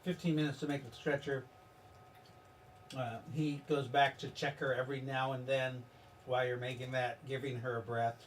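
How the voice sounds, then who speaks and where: A man running a tabletop game as game master, talking in a rambling, halting way and laughing at his own jokes. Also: medium pitch, little pitch movement, far from the mic, slight background noise.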